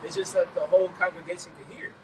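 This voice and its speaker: Fast-talking guy chiming in at a street sermon, high voice, sounds far off with lots of noise. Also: steady tone. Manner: quick, filler-heavy, ends phrases with "man". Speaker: member of the group. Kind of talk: adding a point in a preaching circle. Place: outdoors.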